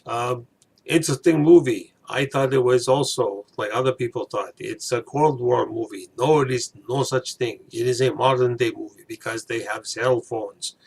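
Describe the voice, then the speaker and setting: A man's voice: mid-range voice, gravelly, breathy edge. Man putting on a hammy Russian-accented guy. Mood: mock-solemn. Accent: mock Russian. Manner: slow, loud, halting broken English.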